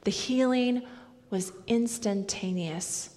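A woman preaching a sermon in a slow, measured, reflective way. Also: mid-range voice, warm tone. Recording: long hall reverb.

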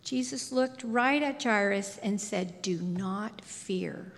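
Woman preacher, slightly high, gravelly, unhurried, long hall reverb. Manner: slow, deliberate, soft intimate delivery. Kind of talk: sermon.

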